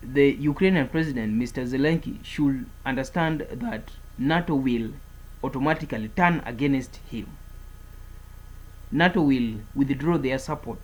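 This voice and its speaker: Husky man delivering emphatic warnings. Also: medium pitch, rough recording. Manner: emphatic, repetitive, declaring and warning. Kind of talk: political commentary monologue.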